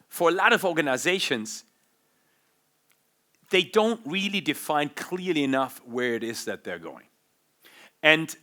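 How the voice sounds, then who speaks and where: A man giving a conference talk at a business forum. He explains things in an animated way and uses vivid examples. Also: on the high side, a little slow, long pauses. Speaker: forum speaker.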